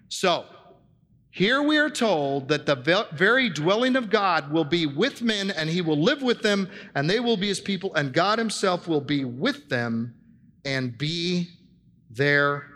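A man's voice: high voice, sharp tone, big-room sound. A man preaching a sermon in a church, teaching earnestly and posing rhetorical questions to his congregation. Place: church with handouts for listeners.

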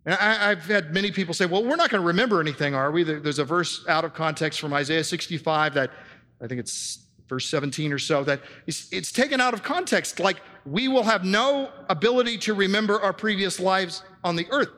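A man's voice: sits high, lively intonation, normal speed, sharp tone, long reverb tail. A man preaching a sermon in a church, teaching earnestly and posing rhetorical questions to his congregation. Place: church with handouts for listeners.

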